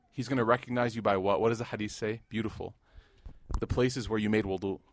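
A man in his thirties giving a sermon, mixing laughing stories with hushed, earnest reflection. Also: lowish voice, dry recording. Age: 30s. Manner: animated, jokes and rises loud in anecdotes, hushed and earnest in devotion. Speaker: Muslim preacher. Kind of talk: sermon with storytelling.

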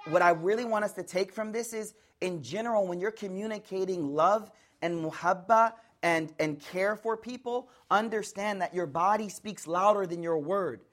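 An African American man from the United States giving a lively, conversational religious lecture, acting out voices to show tone. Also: high voice, moderate pace, few pauses. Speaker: Islamic teacher.

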